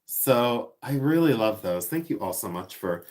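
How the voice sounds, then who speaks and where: A man's voice: on the low side, animated, unhurried, darkish tone. Chatty, giggly man hosting a live stream. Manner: chatty and giggly, reading viewer comments aloud; playful, repeats words for fun. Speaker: live-stream seller and host. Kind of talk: casual live-stream chat while unboxing.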